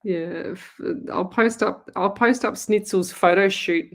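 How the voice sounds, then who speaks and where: Middle-aged Australian woman, live-stream host, casual and friendly chatter, quick to laugh. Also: mid-range voice. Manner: chatty, greets viewers by name, laughs easily. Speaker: psychic medium hosting a live stream.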